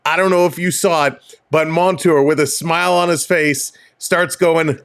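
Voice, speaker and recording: A man's voice: on the high side, moderate pace, creaky, smooth. Upbeat man hosting a hockey stream. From Canada. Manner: energetic, jokey, breaks into laughing fits. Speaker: host of a live hockey stream. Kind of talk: casual live stream commentary.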